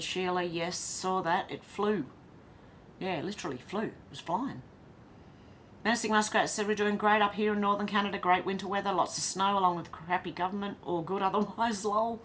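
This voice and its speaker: A woman's voice: on the low side, a bit bright, a little hiss or hum. Chatty Australian woman reading live chat. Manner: chatty, reads comments aloud and reacts with laughs. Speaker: livestream host reading chat.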